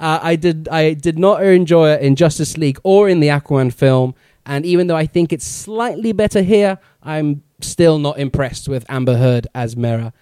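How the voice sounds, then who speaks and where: A man co-hosting a casual film review chat, enthusiastic and quick to laugh. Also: a little high, mellow, clean tone, dry recording. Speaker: podcast co-host.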